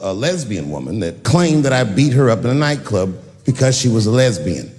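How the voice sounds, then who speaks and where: A man's voice: medium pitch, very animated, brisk, a little mellow, big-room sound. A man doing a stand-up comedy set with a punchy delivery, acting out voices in his stories.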